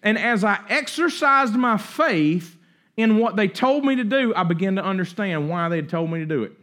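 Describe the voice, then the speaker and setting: A man's voice: high-pitched, normal speed. A middle-aged man preaching a sermon, telling stories animatedly and often restarting his sentences. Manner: animated storytelling with frequent restarts. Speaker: pastor.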